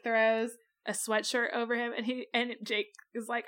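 Animated bright-voiced woman. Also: a little high, moderate pace, few pauses. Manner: animated, laughing often, acts out quoted characters. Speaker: podcast co-host. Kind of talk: casual book chat.

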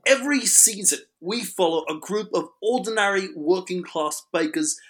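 A man's voice: high voice, normal speed, a bit bright. A man doing an attempted British accent, reading a playful mock-formal review he wrote. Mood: cheeky. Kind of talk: read-aloud comic review.

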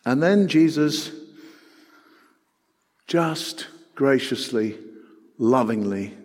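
A middle-aged man preaching a sermon, earnest and full of rhetorical questions, swinging between loud and hushed. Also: medium pitch, expressive, drawn-out words. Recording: long hall reverb.

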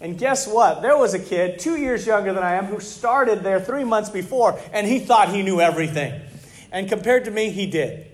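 Man, pastor, sermon, high-pitched, animated, rhetorical questions, conversational. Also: normal speed.

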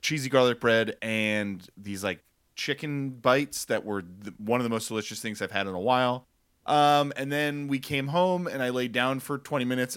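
A man's voice: medium pitch, a bit bright, clean tone. A man in his thirties, a podcast co-host, rambling easily through a casual story. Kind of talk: casual chat.

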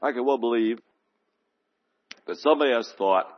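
A man preaching a sermon in an earnest, unhurried way, piling up emphatic lists. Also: mid-range voice. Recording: muffled, long church reverb.

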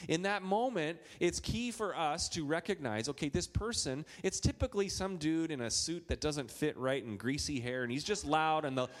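A man in his thirties from Minnesota, a pastor preaching a sermon in a chatty, storytelling way with playful asides. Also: on the high side.

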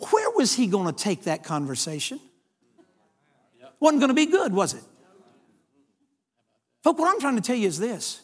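High-voiced animated preacher man. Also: slightly rough. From United States. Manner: animated storyteller acting out dialogue. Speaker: evangelist preacher. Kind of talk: storytelling sermon.

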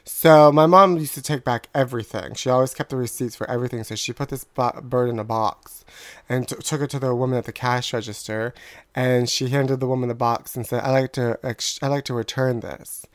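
A casual storyteller rambles through a family anecdote, laughing at their own punchlines. The voice sits in a middle pitch. It is recorded dry and close, with no room around it. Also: fairly even intonation, a little fast, no room sound. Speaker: podcast co-host telling a story.

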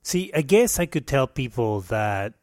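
A man's voice: mid-range voice, sing-song, a little slow, a little mellow, no room sound, studio quality. A man from Peru with a Peruvian Spanish accent, whose first language is Spanish, hosting a casual solo podcast monologue in a playful, self-mocking, rambling way. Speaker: podcast host.

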